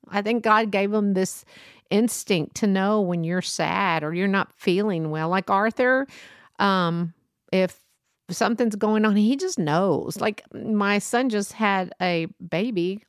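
An older woman hosting her own podcast, chatting in a loose, rambling way and laughing as she goes. Her pitch sits in a middle range for a woman. The sound is dry and close, with almost no room around it. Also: no room sound. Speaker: podcast host. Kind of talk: casual solo podcast talk.

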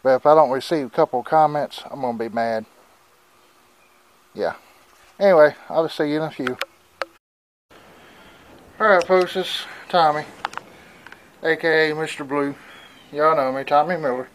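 A man's voice: a little high, normal speed, long pauses, slight background noise, low-quality recording. A man talking casually to viewers on a phone camera outdoors in his yard, folksy and rambling, a bit out of breath. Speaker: vlogger. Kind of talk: casual vlog narration.

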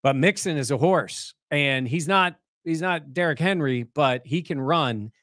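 A man co-hosting a sports talk show, breaking down the game in casual, animated conversation. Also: on the high side, measured pace, no room sound, clean studio sound.

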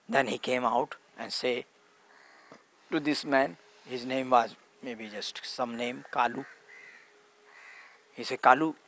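Slow-telling spiritual teacher, simple English. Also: male voice, medium pitch, gravelly, fairly bright tone. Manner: slow, simple broken English with many repetitions. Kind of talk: satsang storytelling.

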